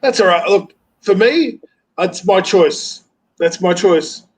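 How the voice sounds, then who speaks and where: An earnest man with a high voice chats on a live stream. He is placating and repeats his phrases as he works round to his point. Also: lively intonation, slow, poor audio. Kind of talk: casual chat on a live stream.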